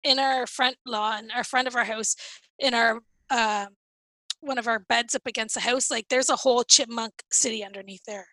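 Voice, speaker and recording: A woman's voice: on the high side, fairly even intonation, moderate pace, sharp tone, no room sound. A woman co-hosting a podcast, chatting casually and rambling with many restarts. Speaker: podcast co-host. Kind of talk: casual chat.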